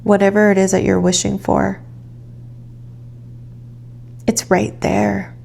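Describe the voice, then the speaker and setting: A woman giving a calm, reflective tarot reading, guiding the listener gently. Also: mid-range voice, slow, creaky, slight background noise. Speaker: tarot reader.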